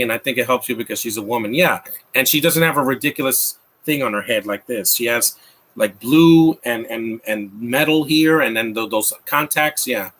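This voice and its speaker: Bright-voiced man mocking a film. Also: medium pitch. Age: 30s. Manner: rambling, mocking asides with frequent restarts. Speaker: film commentator. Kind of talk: live movie commentary.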